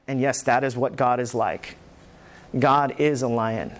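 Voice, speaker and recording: A man preaching a sermon as pastor, animated, acting out the voices in the scripture he tells. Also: mid-range voice, measured pace. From New York.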